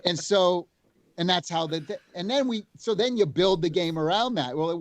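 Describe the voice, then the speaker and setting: A man, a game developer guest, telling stories in casual chat, animated and full of restarts. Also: sits high, moderate pace, no room sound.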